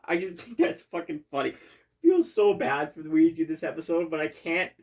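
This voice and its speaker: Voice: medium pitch, animated, moderate pace, a little mellow. A creator giving casual commentary over their own comedy video, rambling, swearing casually and laughing often.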